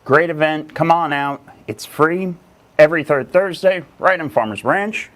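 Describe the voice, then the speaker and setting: A man's voice: on the high side, measured pace, fairly bright tone. A man hosting a casual live stream about real estate, talking energetically with lots of fillers and rambling asides. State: a little out of breath.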